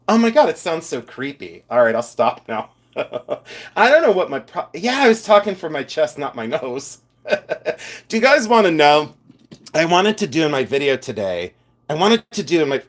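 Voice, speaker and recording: A man's voice: a little high, big pitch swings, normal speed. A man hosting a live stream, chatting casually and playfully with viewers, teasing and laughing often. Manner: chatty and effusive.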